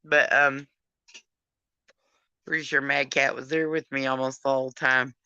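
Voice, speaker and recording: A woman's voice: very deep voice, little pitch movement, unhurried, sharp tone, clean tone, no echo, muffled recording. A drunk woman hosting a casual live chat, rambling, affectionate and crude as she calls on her friends. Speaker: live stream host.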